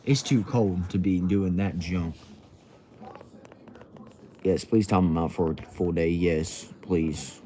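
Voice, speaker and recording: A man's voice: low-pitched, takes it slowly, long pauses, dark tone. A young man at home, casually reading out livestream comments in a laid-back, drawling way, saying bro and y'all. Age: young adult. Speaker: livestream host. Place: at home indoors. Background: faint TV sound from another room.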